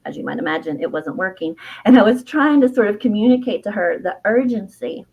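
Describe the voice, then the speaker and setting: A middle-aged woman recounts a personal memory as an interview guest. She talks reflectively and from the heart, with a middle pitch, leaning on fillers and soft laughs as she goes. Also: highs cut off. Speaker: guest, herbalist and author.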